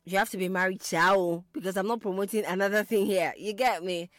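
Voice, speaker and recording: A woman's voice: medium pitch, steady tone, brisk, few pauses, dry recording, studio quality. A woman hosting a call-in radio show, chatting and teasing callers in a playful, exclamatory way. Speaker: radio host.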